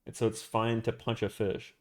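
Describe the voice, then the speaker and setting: A man's voice: lowish voice, little pitch movement, normal speed. A man streaming live, chatting casually and rambling, swearing often and answering his chat. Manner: rambling, profane, talking back to chat.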